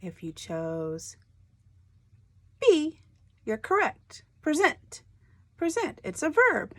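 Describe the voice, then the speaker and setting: A woman teacher explaining word stress in a slow, deliberate way, stressing each syllable. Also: mid-range voice, very animated, dry recording. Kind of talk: recorded lesson on homographs.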